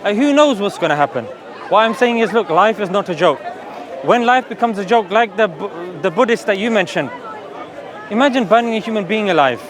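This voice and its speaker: A man argues his faith in an open-air debate, earnest and persuasive, often checking in with a quick "yeah?". His voice sits high for a man. A crowd murmurs around him outdoors. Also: animated. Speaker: street preacher. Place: outdoor public park.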